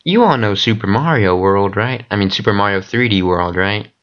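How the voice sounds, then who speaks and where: A man telling a rambling story in casual vlog style, excitable and profane, with lots of fillers. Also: fairly low pitch, normal speed, highs cut off. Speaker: vlogger recounting dreams.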